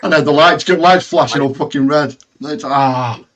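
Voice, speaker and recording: A man's voice: fairly high pitch, normal speed, fairly bright tone, a little hiss or hum. A man chatting as a guest on a live stream, swearing and rambling. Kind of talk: casual live-stream chat.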